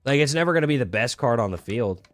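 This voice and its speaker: A man's voice: mid-range voice, lively intonation, quick pace, a bit bright, dry recording, faint music behind. A young man streaming a game, chatting casually in a laid-back, rambling way with many fillers and restarts. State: hiccuping. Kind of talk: casual gaming stream chat.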